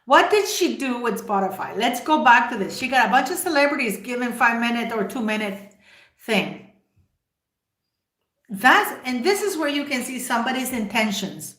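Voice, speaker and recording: Speaking directly to her livestream audience, a woman offers strongly opinionated takes peppered with rhetorical questions, all in an emphatic manner. She has a slightly high, somewhat bright voice with lively intonation at a moderate pace, heard in an echoey room.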